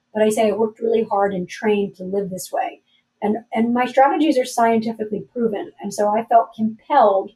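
A woman in her forties speaks as a podcast guest, her voice warm and mellow and pitched a little high. She tells her story candidly, earnest and easily moved, with a streak of self-deprecating humor. She sits slightly back from the microphone, so the sound is a touch distant. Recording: voice a bit distant from mic.

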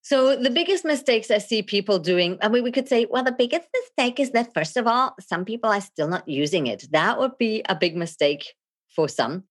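Animated middle-aged lady coach, laughs a lot, big theatrical swings in her voice on a podcast. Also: on the high side, normal speed. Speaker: guest, video and leadership coach. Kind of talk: podcast interview.

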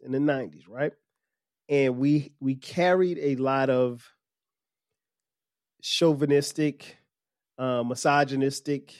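A man's voice: medium pitch, dry recording, studio quality. Laughing man telling a story. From South Carolina. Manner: animated, laughs often, quick restarts. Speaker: podcast host. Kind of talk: casual storytelling monologue.

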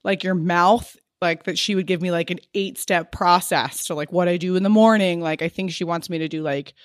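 A woman's voice: on the low side, steady tone, normal speed, no echo. Woman, 30s, frank guest who rambles through personal chat; dry, close sound. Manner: frank, rambling, heavy use of "like".

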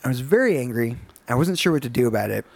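A man telling a story in casual chat in a matter-of-fact, deadpan way. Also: mid-range voice, fast talker, gravelly, no echo.

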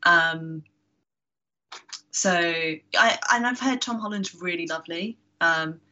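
A woman guest on a podcast answers slowly in a bright, clear voice. She talks in a hesitant, thoughtful way, with pauses and laughs between her thoughts. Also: on the low side, muffled recording. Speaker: guest author. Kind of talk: casual interview chat.

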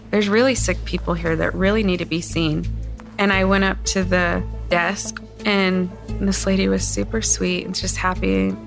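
A woman's voice: lowish voice, vocal fry, a bit bright. A woman in her thirties from Utah, candidly retelling a painful experience in her own words. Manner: candid, retelling with many quoted asides. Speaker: interviewee. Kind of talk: emotional personal testimony.

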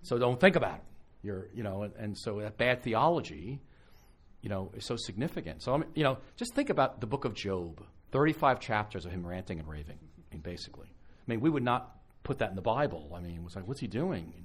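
There's slight background noise as a pastor with a lowish voice talks a little fast during a live conference sermon. It's conversational and animated, with lots of stories and repeated restarts.

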